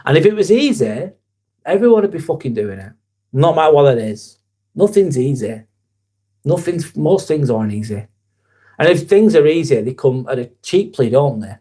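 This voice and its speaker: A man's voice: a little high, big pitch swings, normal speed, warm tone, husky. A young man hosts a casual live vlog, talking in an earnest, rambling way and swearing casually. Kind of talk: casual live-stream chat.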